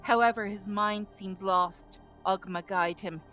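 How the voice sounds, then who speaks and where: A woman's voice: mid-range voice, a little slow, soft background music, poor audio. A woman reading her character's adventure journal aloud to a tabletop group. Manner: nervous at first, then steady reading.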